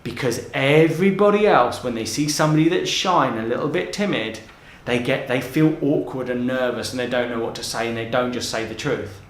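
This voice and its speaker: A man's voice: medium pitch, brisk, reverberant. A man giving coaching advice straight to camera, talking with energy and emphasis, often repeating words as he goes. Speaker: transformational coach.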